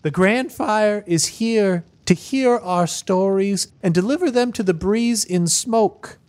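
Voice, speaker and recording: A game master narrating a tabletop game in a measured, ceremonial way. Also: medium pitch, darkish tone. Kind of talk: slow, solemn in-world narration for a tabletop game.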